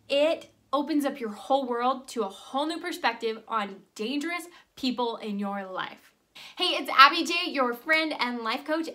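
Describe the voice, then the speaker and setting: A young woman life coach talks straight to camera in a motivational vlog. Her voice is high and bright, and she keeps it upbeat and chatty, peppered with "like" and "right?".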